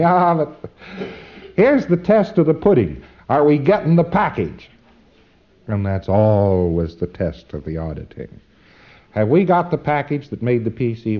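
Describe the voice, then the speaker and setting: A man's voice: mid-range voice, expressive, normal speed. A man giving an informal instructional lecture, folksy and emphatic, with frequent asides and fillers. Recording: dull lo-fi recording.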